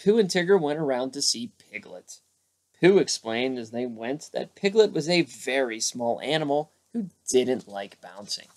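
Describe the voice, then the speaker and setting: Male bedtime storyteller. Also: medium pitch. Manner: lively, voices each character. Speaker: storybook narrator. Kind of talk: bedtime story read-aloud.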